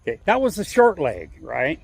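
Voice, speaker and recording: A man's voice: fairly high pitch, wildly swooping pitch, normal speed, gravelly, husky, dry recording. A man vlogging as he walks, telling a story in a rambling, chatty way full of restarts and asides. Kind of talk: casual storytelling on a walk.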